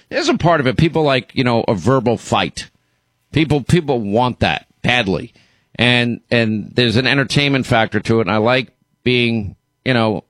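A man's voice: mid-range voice, a bit bright, no room sound. A man hosting a talk radio show, blunt and indignant, often stumbling over his words as he goes. His voice sits mid-range. It sounds close and dry, with no room around it. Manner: blunt, indignant, many restarts. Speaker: radio and podcast host.

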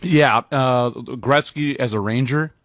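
A man from Chicago in a casual sports talk, speaking in a quick, chatty way while eating. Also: mid-range voice, fairly bright tone, no room sound, studio quality.

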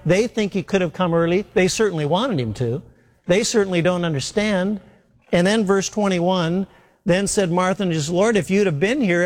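A man preaching a sermon in an earnest way, repeating key phrases and asking rhetorical questions. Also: a little high. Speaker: pastor. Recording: long hall reverb.

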